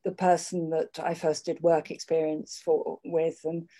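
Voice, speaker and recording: Older woman, lowish voice, mellow tone, measured candid talk. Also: level tone. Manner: measured, candid, frequent restarts. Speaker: interviewee. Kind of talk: reflective conversation.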